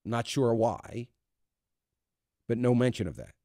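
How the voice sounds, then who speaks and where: A man's voice: medium pitch, lively intonation, slow, warm tone, no echo, studio quality. A man hosting a talk radio show, giving emphatic, conversational commentary full of fillers and restarts. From United States. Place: radio studio.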